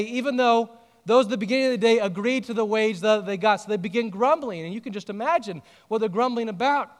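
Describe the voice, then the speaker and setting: A pastor with a strikingly high male voice gives a sermon, animatedly telling a story and swapping jokes with his congregation. The recording comes from a church auditorium, where his words echo with the long reverb of the big hall.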